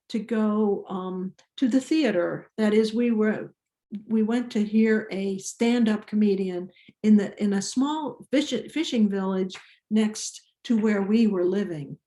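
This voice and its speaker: An older woman from Iceland with an Icelandic accent, telling a personal story in a slow, deliberate way with small restarts. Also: medium pitch, dark tone, reverberant. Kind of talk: personal story told to an audience.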